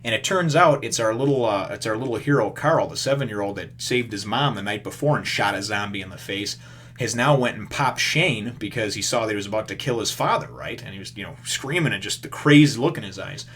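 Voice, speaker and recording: A man's voice: fairly low pitch, animated, fairly quick, fairly bright tone, husky. A man casually recapping a comic book issue, rambling and acting out the characters' lines as he goes. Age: adult with children.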